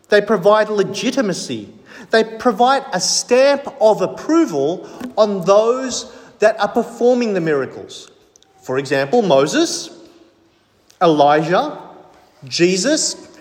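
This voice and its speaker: A man's voice: high voice, long reverb tail. A man preaching a sermon as pastor, emphatic, stressing points in lists.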